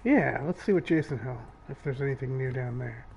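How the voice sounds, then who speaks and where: A man's voice: medium pitch, creaky, a little mellow, slight background noise. A man co-hosting a horror game stream in casual chat, swearing often as he plays. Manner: swears a lot, drawn-out and anxious. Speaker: co-host playing a horror game.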